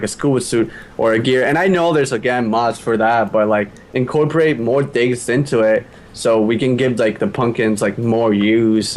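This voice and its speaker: A man guesting on a casual podcast, excited and rambling, saying "like" a lot. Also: medium pitch.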